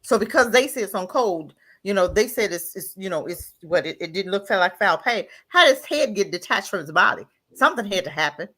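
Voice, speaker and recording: A woman's voice: mid-range voice, animated, fairly quick, few pauses, sharp tone. A mother and guest on a talk radio show, talking bluntly and firing off rhetorical questions in casual chat. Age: adult, mother.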